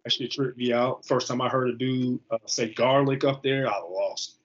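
A man in his thirties from the US East Coast tells his story in a loose, slangy, animated way as an interview guest. His voice sits at a mid pitch and comes through a slightly muffled, lo-fi recording. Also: normal speed. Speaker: guest, football player.

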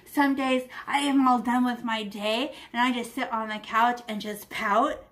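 A middle-aged woman leads a painting lesson for kids in a somewhat high, bouncy voice. She talks her way through every stroke in a chatty, playful way. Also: fairly even intonation, measured pace, fairly bright tone. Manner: chatty and playful, narrating each brushstroke. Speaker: art teacher. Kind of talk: live art lesson to children.

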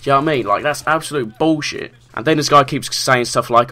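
A young man with a South London accent casually telling a story to camera, sweary and animated, full of slang. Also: mid-range voice, quick pace, hardly any pauses. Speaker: vlogger.

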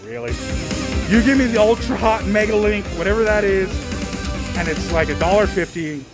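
A slot machine vlogger giving excited live commentary on a casino floor, pleading with the machine over and over. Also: mid-range voice, a little fast. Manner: excitable, pleads with the machine, repeats "come on" and "one more". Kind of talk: excited live commentary while playing slots. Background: jingling slot machine music.

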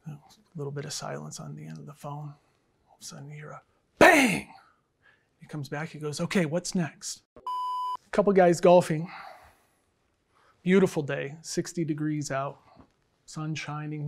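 A man, an English professor and department chair, telling bad jokes to students in a dry, deadpan way with lots of fillers. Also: fairly high pitch, moderate pace, vocal fry, long pauses. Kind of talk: casual joke-telling address to students.

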